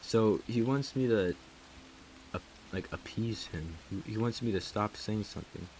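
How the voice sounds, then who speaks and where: A man's voice: fairly low pitch, a little slow, darkish tone, a little hiss or hum, rough recording. A man casually telling a rambling story over gameplay, full of filler words, with music and rain playing behind. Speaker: gaming video creator.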